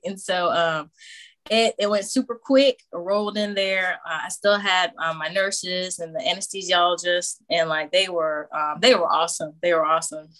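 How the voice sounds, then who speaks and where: A woman guest on a podcast casually telling a personal story, animated, acting out what others said and laughing often. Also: lowish voice. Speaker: podcast guest, new mother.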